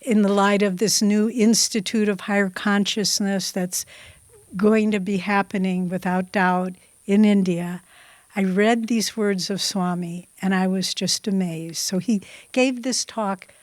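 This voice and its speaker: A woman teaches a spiritual class, speaking with a slow, unhurried cadence. Her devotional delivery stays soft and even. The recording is dry and close, with little room sound. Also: mid-range voice, no echo. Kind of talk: class talk, storytelling.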